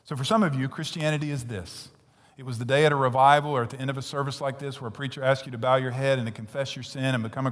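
Male pastor, blunt, fiery sermon delivery, mid-pitched, church-hall reverb. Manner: blunt, intense preaching with sudden hushed whispers and loud peaks.

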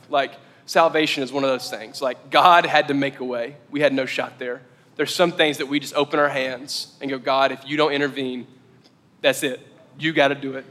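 A man's voice: high voice, a bit bright, in a large hall. A man preaching a casual, conversational sermon as a pastor, talking in a chatty way full of "like.".

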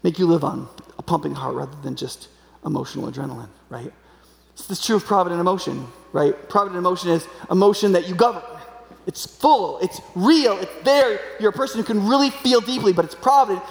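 A man in his forties preaches in a big echoing hall, his voice fairly high and edged with gravelly fry. He talks conversationally, keeps checking in with "right?", and jumps higher when acting out what people say. The long reverb of the sanctuary trails behind every phrase. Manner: acts out quoted voices with sudden pitch jumps. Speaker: pastor. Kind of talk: sermon.

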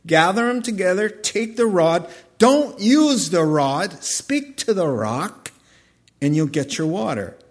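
A man voicing God giving firm instructions in a sermon, with a husky voice. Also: high voice, very animated, slow pace, pitched above the performer's own voice, heavily acted. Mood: commanding. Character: God giving calm firm commands, male.

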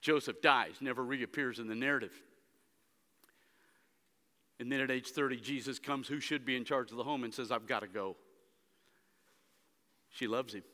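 Forceful man preaching in an echoing church. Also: medium pitch, steady tone, normal speed, long pauses. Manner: dramatic preaching, swinging between hushed and loud emphatic stretches. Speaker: pastor. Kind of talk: sermon. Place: church sanctuary. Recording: long hall reverb.

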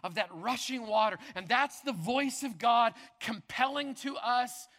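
A man preaching a sermon as pastor with impassioned delivery, rising to loud proclamations and dropping to hushed tones. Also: very high voice, unhurried. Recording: long reverb of a large hall.

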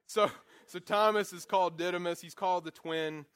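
A man teaching a Bible class in a lively, joking way, acting out quotes and poking fun at himself. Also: high voice, moderate pace, clean tone, dry recording. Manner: animated, acts out quotes with voices; jokey, self-deprecating asides.

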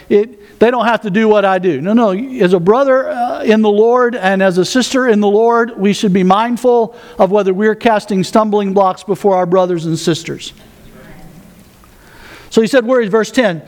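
A man pastor preaching a sermon, folksy with joking asides, reading scripture aloud. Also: high-pitched.

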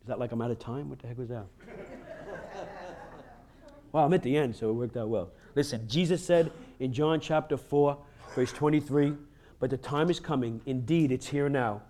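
A man preaching a sermon, pleading with the congregation and rising to fervent emphasis, often tossing in a quick "huh?". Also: medium pitch, dark tone. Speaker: pastor.

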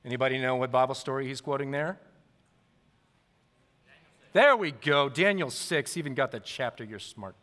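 A man in his thirties preaching a sermon as pastor, telling stories to a congregation in a lively, animated way. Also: medium pitch, moderate pace, long pauses. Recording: long reverb of a large hall.

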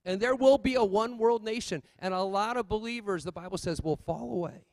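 A male pastor preaching a sermon, swinging between loud exhortation and quiet asides. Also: high-pitched, fairly quick, dry recording.

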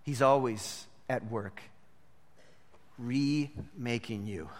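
A man's voice: mid-range voice, very slow. A man preaching a sermon as a pastor, emphatic and repeating his points for emphasis. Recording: long hall reverb.

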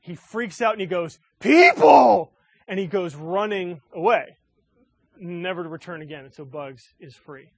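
A man's voice: high voice, normal speed, a bit bright, slightly rough, no echo, rough recording. A male pastor preaching a sermon in an earnest way, asking his listeners many rhetorical questions.

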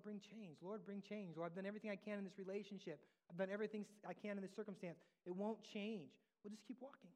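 A man preaching a sermon as pastor, in a conversational style that acts out quoted voices. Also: on the high side. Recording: long hall reverb.

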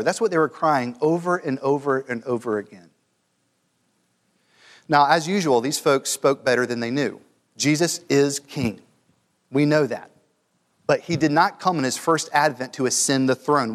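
A man's voice: fairly high pitch, animated, fairly quick, big-room sound. A man preaching a sermon to a room of men, earnest and building to emphatic peaks, stumbling over repeated words.

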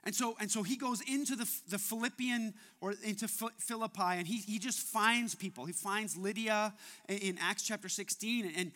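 A man preaching a sermon as pastor, talking in an animated way and often repeating his words as he goes. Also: sits high.

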